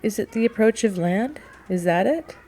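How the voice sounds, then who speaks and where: A woman's voice: mid-range voice, expressive, moderate pace, warm tone, voice pushed up, close to an everyday voice. A woman reading the part of an outspoken young woman who questions in a precise, analytical way. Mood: probing.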